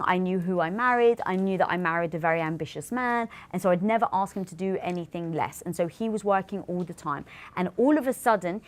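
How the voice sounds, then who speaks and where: A British woman in her forties, co-hosting a casual livestream and telling a story with lively acted-out quotes. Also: smooth. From Britain. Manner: animated storytelling, acts out quotes with big pitch jumps. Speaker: co-host.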